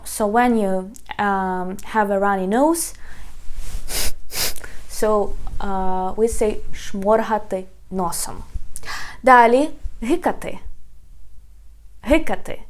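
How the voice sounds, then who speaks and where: A young woman with a Ukrainian accent, whose first language is Ukrainian, teaching vocabulary in an online lesson and slowly repeating each word for learners. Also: mid-range voice.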